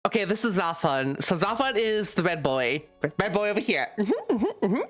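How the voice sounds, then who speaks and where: A woman streamer with a high-pitched voice, chatting casually and reading a game aloud, giggling often between lines. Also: sing-song, normal speed, soft background music.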